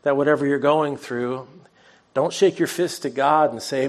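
A man's voice: a little high, fairly even intonation, moderate pace. A pastor preaching a sermon, a man retelling a scripture story in an earnest, conversational way, with a bit of self-deprecating humor.

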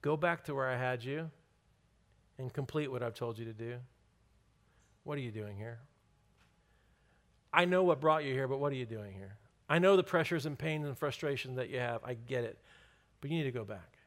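Soft low whispery God, man putting it on, patient and loving. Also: lightly acted. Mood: firm gentle. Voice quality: soft and hushed. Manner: slow, low murmur. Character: God, male, speaking gently, patient and loving.

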